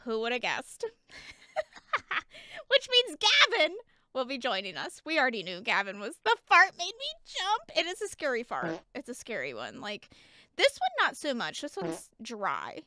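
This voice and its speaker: A woman's voice: a little high, huge pitch swings, moderate pace, sharp tone, no room sound, clean studio sound. A young woman streaming casually, chatty and giggly as she talks to her chat, a little out of breath. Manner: giggly and chatty, talking to chat while changing onesies.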